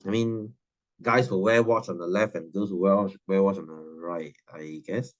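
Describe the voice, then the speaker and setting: A man's voice: sits low, steady tone, normal speed, highs cut off. A man, teaching a science class in a chatty, teasing way and laughing often. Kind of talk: classroom lesson.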